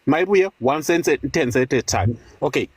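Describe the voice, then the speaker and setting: A man's voice: mid-range voice, expressive, unhurried, slightly rough, no echo. A man from Zimbabwe arguing in a heated debate, repeating words and talking over the others.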